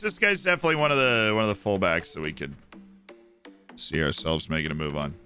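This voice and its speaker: A male streamer talks through his football management game in casual commentary, excitable and jokey. His voice is bright and forceful at a middling pitch, with faint music underneath. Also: a little fast.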